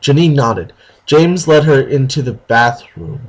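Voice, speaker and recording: A man's voice: medium pitch, animated. A man reading a story aloud for a video, stumbling over words and breaking off for sarcastic comments. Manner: halting reading, sarcastic asides.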